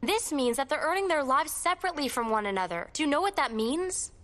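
A woman's voice: sits high, lively intonation, fast talker, a bit bright. A woman playing a bossy eldest sister. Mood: urgent. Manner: firm, insistent, takes charge. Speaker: eldest sister calling a family meeting. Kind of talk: dubbed drama dialogue.

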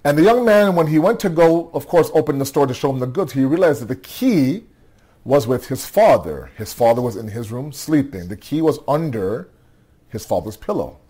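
A man's voice: mid-range voice, very animated, moderate pace, mellow, breathy edge. A tired man telling a religious story to a nightly gathering, conversational, checking in with "okay?" and often restarting phrases. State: tired, yawning. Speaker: religious speaker.

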